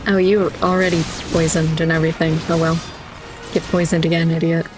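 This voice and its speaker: A young woman with a low voice gives loose, joking commentary as she plays a game, swearing freely and teasing the characters on screen. Soft game music runs faintly underneath her. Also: flat delivery. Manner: playful, sweary and quick to laugh. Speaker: gaming streamer. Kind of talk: casual gameplay commentary.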